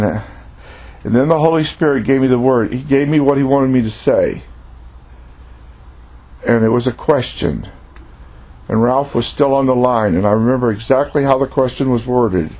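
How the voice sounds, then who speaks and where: Husky-voiced man preaching a testimony. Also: medium pitch, animated, normal speed, long pauses, a little mellow. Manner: earnest, reflective storytelling. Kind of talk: personal testimony sermon.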